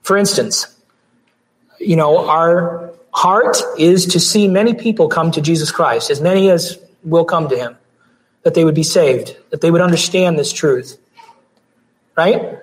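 Man, pastor, hoarse failing voice, earnest sermon, throat clearing, fairly high voice. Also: measured pace, low-quality recording. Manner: earnest preaching with frequent restarts and throat clearing. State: voice going out, hoarse.

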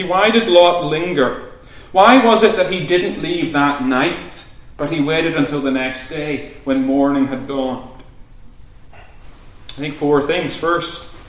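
A man preaching a sermon in an earnest manner, building to loud, urgent calls. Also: mid-range voice. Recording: very echoey room.

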